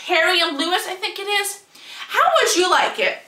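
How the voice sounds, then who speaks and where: A woman's voice: extremely high pitch, normal speed, sharp tone, reverberant. A young woman giving an indignant, heated rant in a video monologue, firing off rhetorical questions. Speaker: vlogger.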